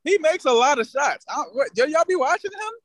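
A man's voice: very high voice, expressive, a little fast, a bit bright, no echo. A man co-hosting a casual sports podcast, earnest and opinionated with slangy speech. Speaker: podcast co-host.

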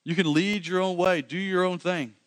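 Preacher doing a smooth persuasive serpent, fast talker. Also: male voice, sits high, fairly even intonation, natural voice. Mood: tempting. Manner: quick, persuasive. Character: smooth tempting male serpent.

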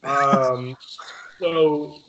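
A man's voice: mid-range voice, fairly even intonation, drawn-out words, echoey room, lo-fi sound, over a noisy crowd. A young man co-hosting a podcast, telling a long story casually, swearing a lot and acting out the people in it. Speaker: podcast co-host.

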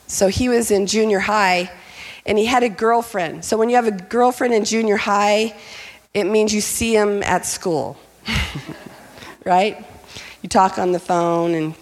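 A middle-aged woman telling personal stories to an audience, lively and candid. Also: mid-range voice, long reverb tail. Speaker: speaker. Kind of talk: personal storytelling talk.

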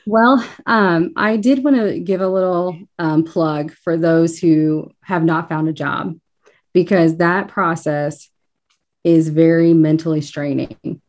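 A woman with a slight Kentucky lilt talks things through in a relaxed interview over a video call. Her voice sits a little low for a woman, and she is reflective, a bit self-deprecating, and quick to laugh. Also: muffled recording. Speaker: guest school counselor. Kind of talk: casual podcast interview.

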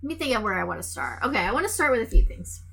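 A woman's voice: a little high, very animated, very fast, creaky, sharp tone. A woman co-hosting a podcast, teasing her co-host in an exasperated tone and hesitating often as she gathers her thoughts. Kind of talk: casual chat, film review. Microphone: remote recording, separate room from co-host.

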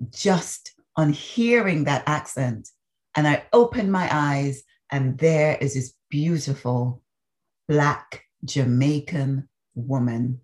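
A woman from the Caribbean, a podcast guest telling stories in an animated, expressive way. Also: low voice. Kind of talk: storytelling in a conversational interview.

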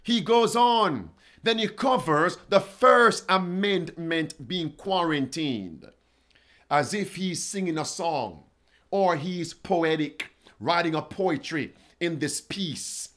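Male preacher, livestream sermon; animated, swooping pitch, pleading calls to his viewers. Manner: slow, dramatic preaching, pleading appeals; reads quotes aloud and addresses chat viewers.

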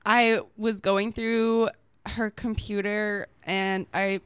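A woman's voice: medium pitch, little pitch movement, slow pace, clean tone, dry recording. A young adult woman chatting candidly as a podcast guest, giggling as she tells stories. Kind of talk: casual chat.

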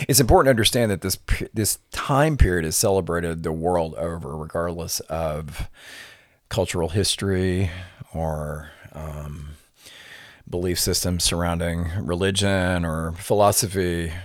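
Middle-aged guy on a podcast, super deep voice, explains slow, kind of lecturing, tons of you knows. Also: steady tone, no room sound, studio quality. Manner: unhurried, lecturing, many "you know" fillers. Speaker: podcast guest. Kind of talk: conversational explaining.

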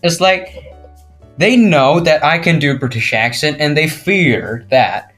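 A teenage boy co-hosting a casual podcast, telling a school story in an animated way and mimicking his classmates. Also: a little high, slow, faint music behind. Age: teens. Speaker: podcast co-host. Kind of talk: casual chat.

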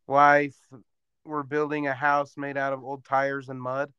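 Clear-voiced, jokey man. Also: mid-range voice, completely flat delivery, measured pace, pushed and bright, dry recording, highs cut off. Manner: jokey and teasing. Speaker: podcast co-host. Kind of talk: casual chat.

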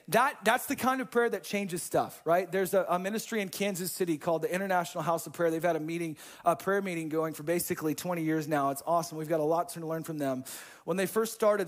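A high-pitched male pastor preaching a sermon in a conversational way. He drops casual slang and moves between soft, hushed stretches and fired-up emphasis. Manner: casual slang like "man" and "dude".

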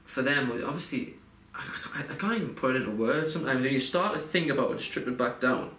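A young man talks through a personal story in a loose, heartfelt way, circling back with fillers and restarts. His voice sits at an ordinary middle pitch. The room gives it a noticeable echo, with a faint hum of noise underneath. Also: expressive, fast talker, fairly bright tone. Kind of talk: casual podcast chat.

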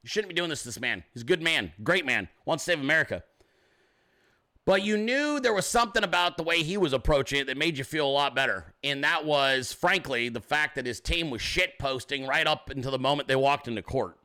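A man's voice: fairly high pitch, lively intonation, brisk, pushed and bright. A male podcast host delivering a brash, sarcastic political monologue. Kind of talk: political talk show monologue.

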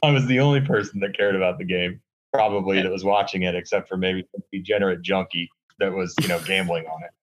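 Man, sarcastic podcast rambler, lots of fillers, fairly low voice, muffled sound. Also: steady tone, fast talker. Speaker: podcast co-host. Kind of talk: casual chat. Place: hotel room.

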